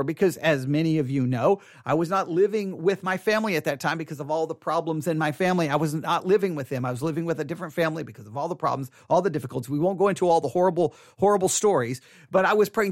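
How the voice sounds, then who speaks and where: A man giving an earnest personal testimony to an audience, repeating words and swinging between quiet and emphatic delivery. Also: fairly high pitch, fast, few pauses, no room sound, clean studio sound. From Texas. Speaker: speaker addressing an audience.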